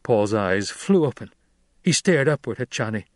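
A man narrating an audiobook in a measured storytelling voice on a close mic. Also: on the low side, very animated, no room sound. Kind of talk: scripted narration.

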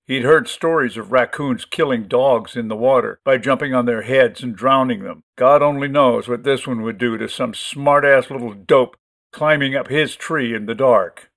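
A man narrating a short story in a measured, expressive storytelling manner. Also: mid-range voice. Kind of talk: audiobook story reading.

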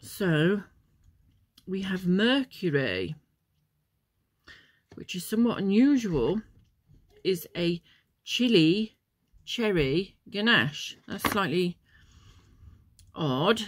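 A woman's voice: mid-range voice, lively intonation, slow, pauses often, no room sound. A woman chatting casually as she tastes and reviews chocolates, wandering off into memories with plenty of ums. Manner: chatty, meandering, many ums. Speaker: vlogger.

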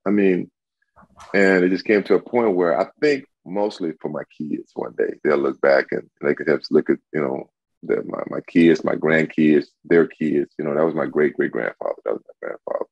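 Gravelly low-voiced man in his sixties. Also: fairly quick, dry recording. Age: 60s. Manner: emphatic, repeats himself. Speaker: guest. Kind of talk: casual interview talk. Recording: dull lo-fi audio.

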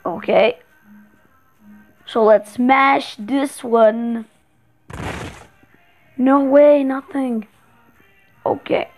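A woman giving excitable commentary while playing a horror game, repeating words in rapid bursts. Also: high voice, soft background music, rough recording. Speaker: gameplay streamer.

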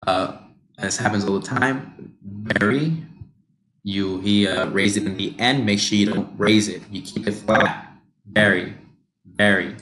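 A man coaching pronunciation on a livestream, slowly modelling and repeating words for learners. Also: lowish voice, fairly even intonation, background noise. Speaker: pronunciation teacher.

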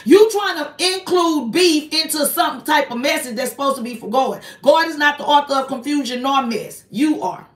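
A woman with a high voice runs a confrontational live stream, pressing one target with repeated accusing rhetorical questions in a preachy tone. She sits back from the mic, and the room around her sounds echoey. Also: moderate pace, few pauses. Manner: preachy, invokes God. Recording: roomy echo, voice distant from the mic.

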